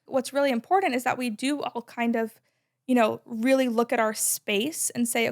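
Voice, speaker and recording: A woman in her twenties, a podcast guest talking in a loud, emphatic, chatty way with many "like"s. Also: a little high, moderate pace. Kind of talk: casual conversation.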